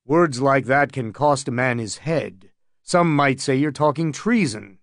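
A man doing a gruff young knight. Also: medium pitch, unhurried, a bit bright, no echo, clean studio sound. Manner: gruff, growling. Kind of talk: audiobook reading.

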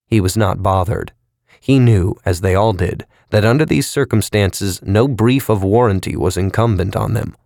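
A man reading a novel aloud in a measured, expressive storytelling manner. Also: fairly low pitch, creaky, dry recording, studio quality. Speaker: narrator. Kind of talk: audiobook narration.

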